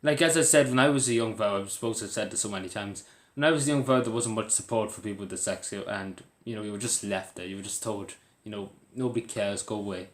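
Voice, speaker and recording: A man's voice: fairly low pitch, fast talker, few pauses, echoey room. A man with an Irish accent talking earnestly to camera in a rambling, casual way, full of fillers and restarts. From Ireland. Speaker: vlogger.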